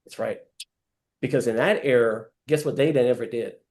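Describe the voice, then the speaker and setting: A man's voice: mid-range voice, normal speed. A man leading a live sales training session over a video call, acting out scenes and calling on trainees by name. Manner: animated, acts out scenes, addresses trainees by name.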